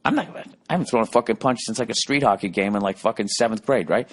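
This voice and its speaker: This man's voice is on the low side, quick and slightly rough. As a podcast host, he rants sarcastically through a funny, foul-mouthed story, swearing constantly and performing both sides of each argument.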